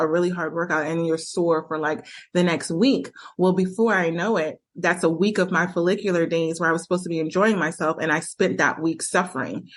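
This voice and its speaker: A woman hosting a podcast, speaking candidly from her own experience and acting out quoted arguments as she coaches listeners. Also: on the low side. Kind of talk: personal monologue with advice.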